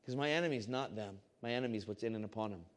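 A man giving a casual, animated Christian testimony to a group. He swings between loud excitement and hushed intensity. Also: lowish voice, fast. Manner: casual, repeats "I said" often. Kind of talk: testimony storytelling to a crowd.

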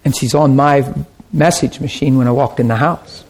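A man pastor giving an informal teaching talk, telling stories in an animated way and laughing often. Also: mid-range voice, moderate pace.

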